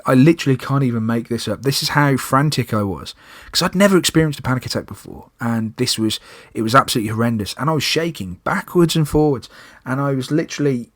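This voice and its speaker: A young man hosting a podcast, telling a personal story in a lively way and acting out panicked moments in loud breathless bursts. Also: medium pitch, quick pace, no room sound, studio quality. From United Kingdom. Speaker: podcast host.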